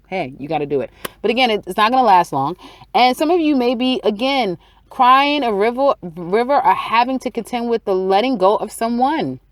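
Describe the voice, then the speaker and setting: A woman's voice: medium pitch, dry recording. A woman giving a casual weekly tarot reading, chatty and repetitive, acting out people's inner thoughts. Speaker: tarot reader.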